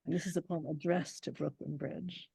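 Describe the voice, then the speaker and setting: A woman poet in an interview, talking reflectively about verse and reciting lines slowly and deliberately. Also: deep voice, fairly even intonation, gravelly, mellow, breathy edge, no room sound, low-quality recording. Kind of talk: conversational interview with poetry recitation.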